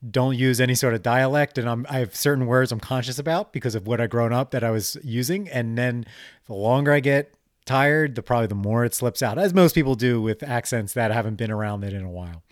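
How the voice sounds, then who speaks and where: A man's voice: mid-range voice, brisk, dry recording, clean studio sound. A young man from the Philadelphia area with a local accent, co-hosting a podcast and telling stories in a casual chat. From Delaware County, Pennsylvania. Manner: storytelling, laughs at his own anecdote. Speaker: podcast co-host.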